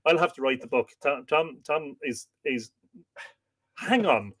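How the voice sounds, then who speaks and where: A man's voice: mid-range voice, measured pace. An Irish man hosting a casual live-stream chat, joking and laughing often as he tells stories. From Ireland. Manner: jokey, laughing often, lively storytelling. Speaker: podcast host.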